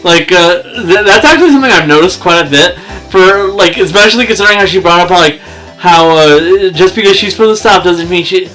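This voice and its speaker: A man's voice: high-pitched, fairly quick, pushed and bright, soft background music, rough recording. A man chatting casually between dubbing lines, rambling with many fillers and restarts. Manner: rambling, hesitant. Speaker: fan dub voice actor. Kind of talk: casual chat.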